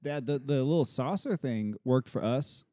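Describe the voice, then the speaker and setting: Male podcast co-host, dad telling animated stories, warm dark tone, dry close sound. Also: medium pitch, normal speed, no echo. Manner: animated storytelling, acting out his child's lines. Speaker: podcast co-host, father of a toddler. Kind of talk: casual podcast chat.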